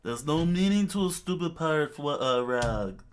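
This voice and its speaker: A man's voice: fairly high pitch, lively intonation, moderate pace, clear, resonant tone, pitched above the performer's own voice, lightly acted. A man playing a sneering, pompous tyrant king. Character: pompous loud tyrant king with an arm cannon.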